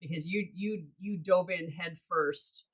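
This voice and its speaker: A woman's voice: on the low side, a little slow, husky, low-quality recording. A woman co-hosting a casual podcast chat, reflective and coaching, often restarting her sentences. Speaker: podcast co-host.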